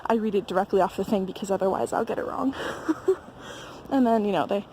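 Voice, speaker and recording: A woman's voice: mid-range voice, quick pace, background noise. A young American woman vlogging casually on a walk through a snowy mountain village, chatty with lots of fillers and laughter. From United States. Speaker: travel vlogger. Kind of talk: casual chat while walking.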